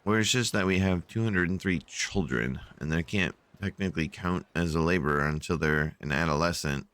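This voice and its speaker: A tired man with a very low, smooth, resonant voice talks through his strategy game in a loose, rambling way full of fillers. The sound is dry and close on a desk mic at home. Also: fairly bright tone, dry recording. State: sleepy. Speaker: gameplay channel host. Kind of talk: casual game commentary. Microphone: desk microphone.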